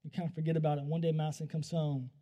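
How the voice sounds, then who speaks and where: A man delivers a storytelling sermon, his voice sitting high yet warm and soft-edged. He swings between hushed asides and loud bursts. He speaks straight to the people listening. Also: little pitch movement, rapid-fire. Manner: talks to the audience directly. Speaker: preacher sharing a testimony.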